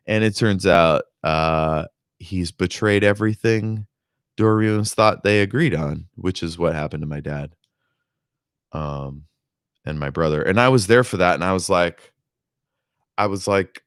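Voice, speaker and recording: A man's voice: deep voice, a little slow, clean tone, no room sound, studio quality. A man giving casual, rambling commentary on a book, swearing freely. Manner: rambling, profane, full of fillers and restarts. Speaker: reader and commentator.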